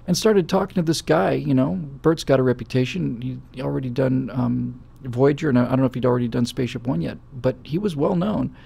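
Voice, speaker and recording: Male host, middle-aged, very gravelly and husky, casual rambling chat. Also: mid-range voice, mellow. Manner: rambling storytelling with many fillers. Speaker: show host. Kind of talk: casual talk-show chat.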